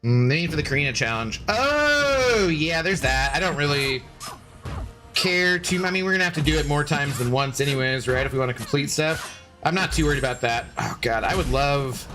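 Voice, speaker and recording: A man's voice: a little high, animated, normal speed, over music. A young man streaming a game, chatting casually and jokingly with his viewers as he plays. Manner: chatty, rambling, joking with chat.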